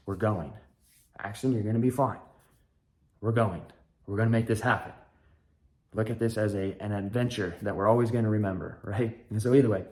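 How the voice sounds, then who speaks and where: A man's voice: fairly low pitch, darkish tone. A man in his thirties hosting a podcast, telling a rambling family story in a candid, casual way with dry self-mocking humor. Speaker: podcast host, father.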